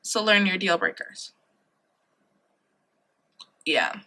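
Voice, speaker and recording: A woman from Ohio, USA, in her late twenties, gives earnest life advice in a casual vlog recorded on a compact camera mic. Her medium-pitched voice is sing-song and sharp-toned with drawn-out words, and she repeats key points for emphasis and adds slangy asides.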